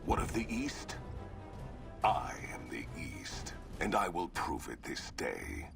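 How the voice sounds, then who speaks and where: An actor playing a brutal, menacing warlord in a video game, speaking in a gravelly half-whisper. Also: male voice, very deep voice, very animated, takes it slowly, heavily acted. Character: brutal masked male warlord, menacing, older. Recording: game audio under music.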